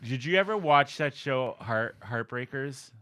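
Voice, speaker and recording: A man's voice: mid-range voice, animated, unhurried, bright, forceful tone, no echo. A man co-hosting a podcast in casual chat, playful and teasing, often laughing. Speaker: podcast co-host.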